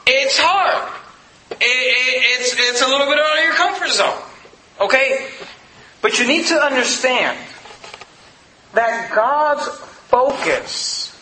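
A male pastor preaching a sermon in an emphatic, conversational way with quick asides. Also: very high voice, expressive, pushed and bright, roomy sound, slight background noise, low-quality recording.

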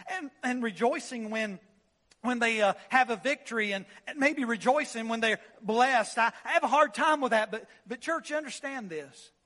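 A pastor preaching with a strikingly high, bright and forceful voice. He hammers points by repeating them and restarts his words as he pushes on. His sermon rings with a long reverb through a church hall. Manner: emphatic preaching with repetitions and stammered restarts.

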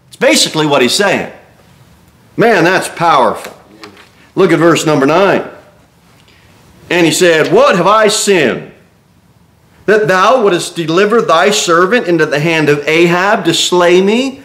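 A man's voice: high voice, normal speed. A man preaching an expository sermon in a church, reading scripture aloud and acting out the speakers he quotes. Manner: animated preaching, reads scripture aloud and acts out quoted speech. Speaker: pastor. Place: church sanctuary.

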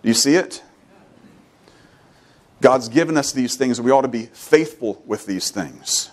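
A man preaching a sermon with emphatic delivery, repeating phrases and swinging between loud, high exhortation and quiet, low asides. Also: animated, measured pace, pauses often.

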